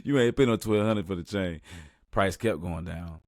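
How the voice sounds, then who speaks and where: A man's voice: expressive, normal speed, no room sound, studio quality. A young man hosting a podcast, telling a story in a laid-back, casual way and saying "man" often. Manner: laid-back, says "man" constantly, gets loud and high when acting out the story. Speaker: podcast host.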